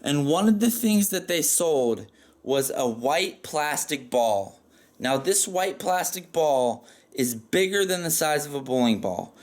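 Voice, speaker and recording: A man telling a story casually, rambling and profane, with lots of "like" fillers. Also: mid-range voice.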